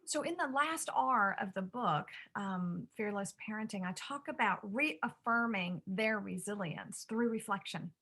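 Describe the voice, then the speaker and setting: A woman's voice: medium pitch, lively intonation, unhurried, few pauses, bright, forceful tone, breathy edge. A woman who hosts a parenting show and writes on parenting, telling a personal story in an earnest, reflective way. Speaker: parenting author and podcast host.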